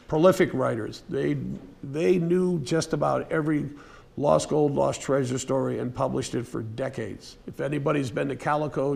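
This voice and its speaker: A man giving a casual, unscripted museum lecture, telling a story in a folksy way with fillers and restarts and now and then clearing his throat. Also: medium pitch, a little mellow. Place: museum presentation room.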